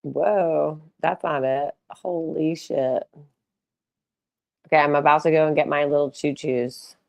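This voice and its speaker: A woman's voice: low voice, fairly even intonation, unhurried, gravelly, darkish tone. A woman hosting a casual livestream fundraiser on a laptop mic, rambling with loose restarts and the odd swear. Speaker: live streamer hosting a fundraiser.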